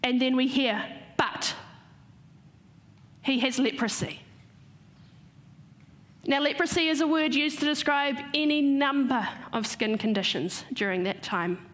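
A woman giving a sermon, retelling a story and slowing down to stress key points. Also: sits high, fairly bright tone. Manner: storytelling, slows for emphasis. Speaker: preacher.

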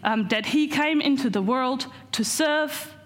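A woman with a somewhat high voice talks through a sermon in a loose, conversational way. She hesitates often and fills her pauses with ums and uhs. Her delivery stays informal. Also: fairly bright tone. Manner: conversational, hesitant with many fillers. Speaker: preacher.

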